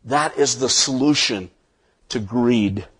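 A man's voice: mid-range voice, slow, a bit bright, slightly rough. A male pastor preaching a sermon, reading scripture aloud and building to impassioned emphasis.

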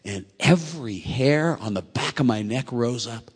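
A middle-aged man preaching a sermon, telling a personal story earnestly and emotionally, his voice swelling to loud peaks. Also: medium pitch, animated, moderate pace, breathy edge, in a large hall. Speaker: preacher and track coach.

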